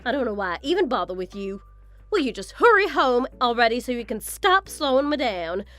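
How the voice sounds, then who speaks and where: A woman's voice: a little high, sing-song, brisk, fairly bright tone. A woman voicing a vain, scornful mother-in-law in a scripted text-story drama, talking down to her daughter-in-law. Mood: impatient. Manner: condescending, self-admiring.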